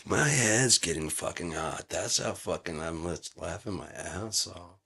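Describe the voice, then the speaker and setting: A man with a very low voice rambles through a casual monologue, cursing freely and dissolving into laughter. He talks slowly and loosely, close to the mic. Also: gravelly, sharp tone, husky. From Michigan. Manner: loose, profane, breaks into laughter. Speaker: vlogger.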